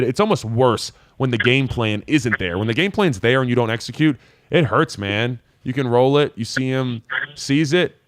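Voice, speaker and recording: Casual young man breaking down game film. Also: mid-range voice. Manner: casual, animated, voices players' thoughts. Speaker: host. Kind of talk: live call-in football film breakdown.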